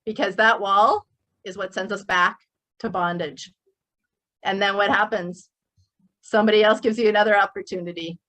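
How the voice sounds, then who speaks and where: A woman's voice: mid-range voice, fairly even intonation, moderate pace, pauses often, a bit bright. A middle-aged woman delivers a motivational speech to an online group. Her voice is impassioned and emphatic, and she pushes hard on her points like a preacher. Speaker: motivational workshop speaker. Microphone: speaking to a live online group.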